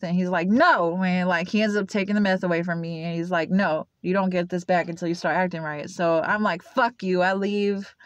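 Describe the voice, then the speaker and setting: A woman's voice: on the low side, smooth, no room sound. A young woman telling her own story to camera in a loose, rambling way, full of "like" and "uh". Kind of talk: casual personal storytelling to camera. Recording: dull lo-fi, dry sound.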